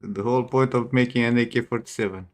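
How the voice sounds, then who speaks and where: A man's voice: medium pitch, fairly even intonation, quick pace. A man streaming and chatting casually, blunt and joking and swearing freely. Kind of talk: casual chat on a livestream.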